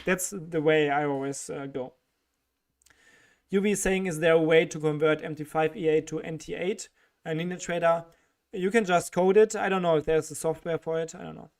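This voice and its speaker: A man's voice: on the high side, fairly even intonation, moderate pace. A man with a strong German accent hosting a casual livestream, reading chat questions aloud and answering them with fillers and small laughs.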